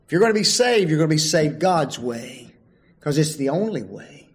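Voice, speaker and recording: A man preaching a sermon, emphatic and full of rhetorical questions, swinging from loud calls to hushed asides. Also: a little high, very animated, moderate pace.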